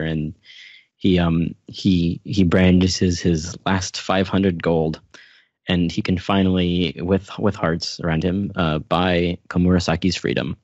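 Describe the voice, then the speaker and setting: A man's voice: low-pitched, steady tone, a little slow, no echo. A man hosting a podcast, retelling a story step by step in casual chat. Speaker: podcast host. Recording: dry, dull lo-fi podcast audio.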